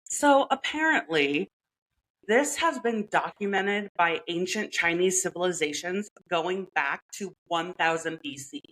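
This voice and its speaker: A woman with a low voice co-hosts a podcast and talks in a loose, playful way. She laughs often and fills her sentences with "like". It sounds like relaxed chat between friends. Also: unhurried, a little hiss or hum, low-quality recording. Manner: chatty, playful, laughs often, many "like" fillers. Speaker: podcast co-host. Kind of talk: casual chat.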